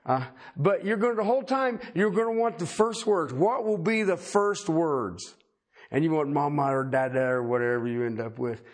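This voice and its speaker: A middle-aged pastor preaches in a folksy, animated manner, his voice pitched high for a man. A husky grain runs through his delivery, and he breaks into joking asides. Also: normal speed. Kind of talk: sermon.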